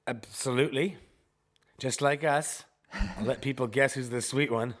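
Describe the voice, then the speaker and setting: A man co-hosting a podcast in casual chat, telling animated, joking stories while recovering from chemotherapy. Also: mid-range voice, normal speed. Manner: animated storytelling, jokey. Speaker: podcast co-host.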